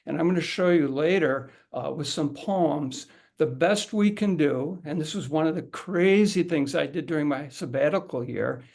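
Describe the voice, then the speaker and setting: Gravelly-voiced middle-aged male teacher. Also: on the high side, darkish tone. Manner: conversational, repeats words and restarts, demonstrates aloud. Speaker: haiku teacher leading a workshop. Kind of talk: casual instructional talk to an audience.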